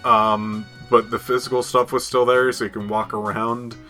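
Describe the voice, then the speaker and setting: A man's voice: medium pitch, little pitch movement, normal speed, bright, forceful tone, faint music behind. A man in casual chat about video games, rambling with many fillers and laughing often. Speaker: co-host.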